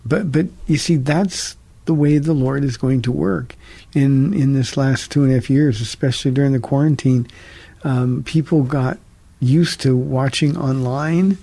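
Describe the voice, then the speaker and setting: A man's voice: medium pitch, gravelly, warm tone, no room sound. A man, a pastor, answering listener questions on a radio call-in teaching show in an earnest, conversational way with frequent restarts.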